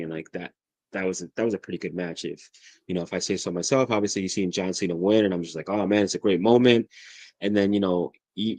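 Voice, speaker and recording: Man, low register, rowdy excitable podcast guest, cusses a lot, dry close mic. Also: dry recording. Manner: excitable, profane, laughs often. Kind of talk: casual chat.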